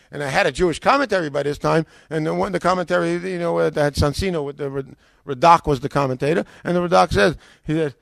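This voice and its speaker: Older man, American accent, gravelly voice, animated storytelling, dry sound. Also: medium pitch, no room sound. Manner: animated, acts out dialogue with rising voice. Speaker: former pastor telling his conversion story. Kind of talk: casual storytelling.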